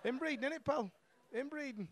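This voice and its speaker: A high-voiced young man works a comedy club crowd through a handheld mic. He is brash and sweary, and he chuckles at his own punchlines as he goes. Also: brisk, slight background noise. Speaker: stand-up comedian. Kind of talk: stand-up set.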